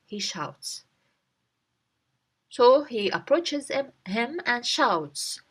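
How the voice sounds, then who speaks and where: A woman's voice: a little high, expressive, slow, slightly rough. A woman teaching the language, reading a short story line by line and explaining each word in English. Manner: reads a line, then breaks it down word by word.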